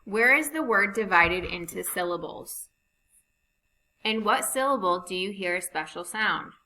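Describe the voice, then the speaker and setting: A woman teaching a phonics lesson over slides, reading rules and example sentences slowly and deliberately. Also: medium pitch, lively intonation, sharp tone, poor audio.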